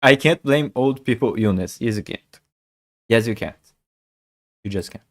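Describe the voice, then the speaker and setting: A man's voice: on the low side, normal speed. A man, chatting casually on a chess stream, thinking aloud and repeating himself. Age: 40s. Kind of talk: casual live-stream chat.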